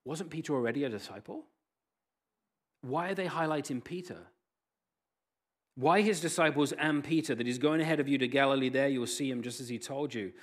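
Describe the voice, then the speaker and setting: Animated male pastor preaching. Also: mid-range voice, fairly quick, long pauses. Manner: animated storytelling with wide swings in loudness. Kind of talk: sermon.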